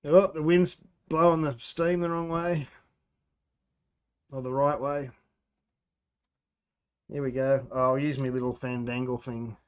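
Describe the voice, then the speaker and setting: An Australian man of middle pitch rambles easygoingly through a live brew day, muttering to himself and replying to viewers' comments as he works outdoors. His voice comes through a little dull and lo-fi. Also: fairly even intonation, unhurried, pauses often, clean tone. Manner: rambling, talks to himself and reads out chat. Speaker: home brewing livestream host. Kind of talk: casual live-stream chat while brewing. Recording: slightly dull lo-fi sound.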